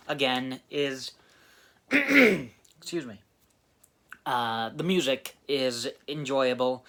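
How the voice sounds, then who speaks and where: A man giving a casual spoken movie review, halting with fillers and restarts. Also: a little high, fairly bright tone. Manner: halting, many fillers and restarts, clears throat.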